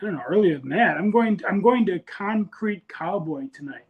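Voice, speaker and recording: Laid-back dude calling in on video, pretty high voice. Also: male voice, animated, moderate pace, narrow, tinny audio, a crowd in the background. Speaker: caller. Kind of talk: casual call-in chat.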